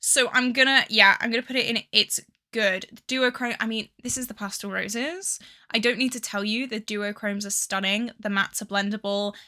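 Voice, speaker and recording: A woman's voice: fairly high pitch, steady tone, moderate pace, pushed and bright. A young woman with a Midlands accent and a touch of Scouse, chatting casually through a beauty product review, indecisive and full of fillers. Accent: English Midlands with a hint of Scouse. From England. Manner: chatty and indecisive, with many fillers and dramatic sighs over choices. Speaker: beauty vlogger.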